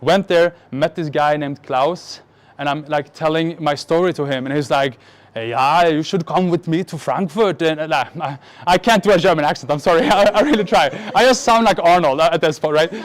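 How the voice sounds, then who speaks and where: A man's voice: on the high side, fairly quick. A man from the Middle East tells a personal story on stage to a live audience, joking and mocking himself, often restarting his sentences. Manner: animated, joking, self-mocking, many restarts. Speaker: speaker at a marketing event.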